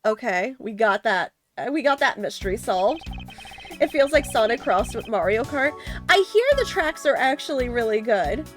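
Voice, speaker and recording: A woman's voice: a little high, lively intonation, normal speed. A woman streamer giving casual gameplay commentary, giggly and reactive, sometimes swearing. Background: music.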